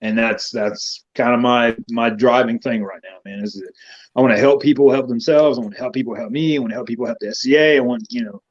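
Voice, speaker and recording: A man's voice: medium pitch, fast. Blunt, swearing Southern man, lo-fi. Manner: profane, blunt and animated. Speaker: guest knight. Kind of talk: casual chat. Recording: dull lo-fi sound.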